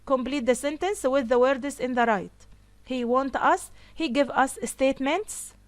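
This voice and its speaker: A woman teaching an English grammar lesson, slowly repeating each example sentence. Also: sits high, no echo.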